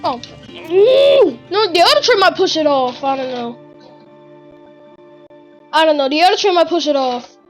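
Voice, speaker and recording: A woman giving excitable gaming commentary, full of gasps and exclamations. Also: very high-pitched, moderate pace, long pauses, soft background music, rough recording. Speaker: gamer.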